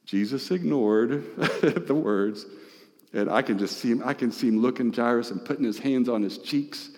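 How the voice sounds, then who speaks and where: A man's voice: medium pitch, normal speed, a little mellow. A male pastor preaching an impassioned sermon, calling out to the congregation with rising and falling delivery. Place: church sanctuary. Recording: reverberant church hall.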